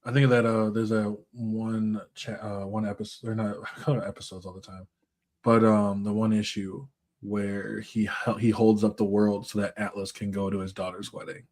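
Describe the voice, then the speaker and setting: A man's voice: fairly low pitch, little pitch movement, moderate pace, a little mellow. A man hosting a podcast, chatting casually in an upbeat, enthusiastic way. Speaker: podcast host.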